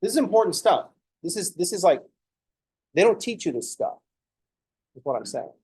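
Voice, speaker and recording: A man's voice: sits high, very animated, normal speed, darkish tone, husky, dry recording. A man, a math professor, lecturing a class in a joking, conversational way. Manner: joking, conversational, acts out students' thinking noises.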